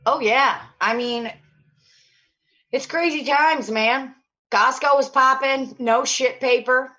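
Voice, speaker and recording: A woman hosting a podcast in casual chat, telling animated stories and swearing freely. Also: high voice, slow, dull audio. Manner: chatty storyteller, swears freely, animated retelling. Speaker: podcast host.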